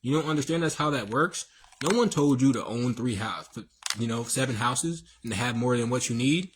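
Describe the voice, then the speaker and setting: A man's voice: medium pitch, lively intonation, normal speed, a little hiss or hum. A man hosting a livestream, preaching in a rambling, slangy way with many fillers and restarts. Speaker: livestream host. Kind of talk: casual livestream monologue.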